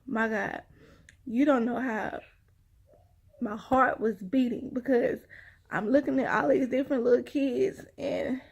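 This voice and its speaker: A woman's voice: high voice, husky. A woman telling a rambling personal story to her viewers, sighing often and calling them y'all. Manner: chatty, addresses viewers as y'all, sighs often. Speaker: vlogger.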